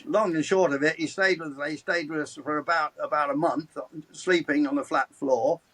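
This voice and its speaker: A man's voice: a little high, fairly even intonation, normal speed, fairly bright tone, low-quality recording. A man in his seventies, a motorsport commentator chatting as a podcast guest, telling anecdotes with chuckles and frequent restarts. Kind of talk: anecdotal storytelling in conversation.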